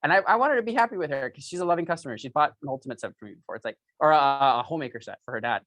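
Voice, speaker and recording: Excitable man telling a sales story. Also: fairly high pitch, very fast, no room sound. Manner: excitable storytelling with many fillers; acts out both sides of phone calls. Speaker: sales speaker coaching a sales team. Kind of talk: motivational sales training talk.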